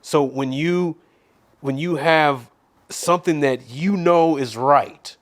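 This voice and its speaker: A man's voice: on the high side, slow pace. A man talking casually as a show regular, reflecting at length and explaining his points with homespun comparisons. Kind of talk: casual green-room chat.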